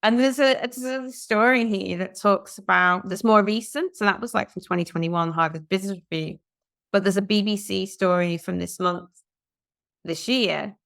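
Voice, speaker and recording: A woman's voice: mid-range voice, moderate pace, creaky, fairly bright tone, dry recording, studio quality. A woman co-hosting a podcast, chatting and reading out news articles with her own comments. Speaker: podcast co-host. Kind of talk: casual discussion, reading out news stories.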